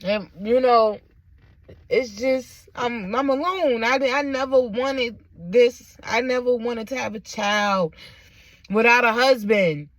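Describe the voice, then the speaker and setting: A woman's voice: fairly high pitch, takes it slowly, no room sound. A woman telling a personal story on her vlog, emphatic and blunt, with frequent asides to her viewers. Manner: blunt and profane. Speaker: vlogger.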